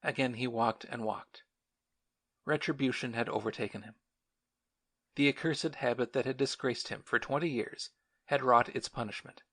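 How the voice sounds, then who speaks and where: A man reading an audiobook in a steady, measured narration. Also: mid-range voice, husky, no room sound, studio quality. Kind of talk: scripted narration.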